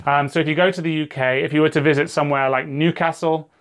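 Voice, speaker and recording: English guy, fairly high voice, chatty upbeat podcast co-host. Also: steady tone, fast, fairly bright tone. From England. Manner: chatty, upbeat, laughs easily. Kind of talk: casual educational podcast chat.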